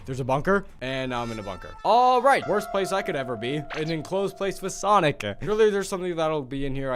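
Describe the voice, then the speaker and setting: A young man doing let's play commentary on a horror game, talking to viewers, often yelping and shouting. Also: medium pitch. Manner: jumpy, yelps and shouts often; talks to viewers, mild swearing. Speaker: gaming commentator.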